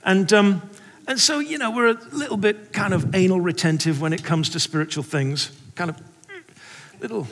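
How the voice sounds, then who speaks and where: An English preacher delivers a sermon with rhetorical questions and humorous stories. His voice sits high for a man, and a long reverb fills the hall around him. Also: normal speed. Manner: animated, rhetorical, humorous storytelling.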